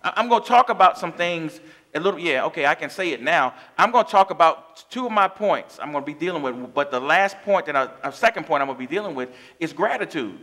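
A man's voice: fairly high pitch, lively intonation, fast, sharp tone. A man preaching a sermon as pastor of his church, impassioned, with call-and-response asides to the congregation. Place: church sanctuary.

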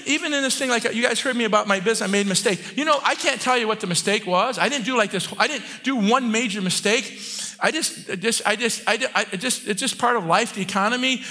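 High bright voiced guy preaching, gets loud and fired up then drops soft, lots of restarts. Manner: passionate, swings from quiet talk to shouting; many restarts and repeated words. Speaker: church elder and preacher. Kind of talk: sermon.

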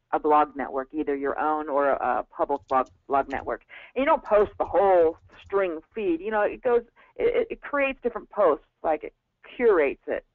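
A woman's voice: sits low, dry recording. A woman teaching a live webinar in a casual, rambling way, with frequent restarts and fillers. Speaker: webinar instructor. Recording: tinny phone-like line, dry.

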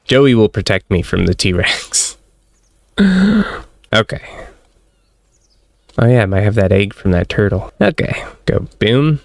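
A man with a low, gravelly voice gives excitable let's-play commentary, laughing often and talking to his in-game pet. He is close on the mic in a dry, dead room with no echo. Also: normal speed, pauses often. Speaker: gaming channel host.

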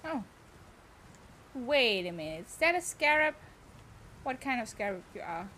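A young woman streams a game, chatting, exclaiming, and talking to her chat in casual commentary. Her voice is a little high, pushed and bright, with big pitch swings and an unhurried pace. There's slight background noise.

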